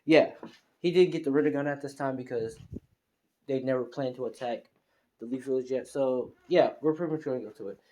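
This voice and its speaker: A man's voice: medium pitch, brisk, a little mellow, a little hiss or hum. Rambling man narrating a fan story. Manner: rambling, heavy filler, hesitant restarts. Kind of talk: casual improvised story narration.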